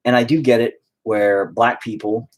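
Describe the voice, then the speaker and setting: A man's voice: medium pitch, fairly even intonation, normal speed. A man chatting at home while painting, rambling through a profane, opinionated rant.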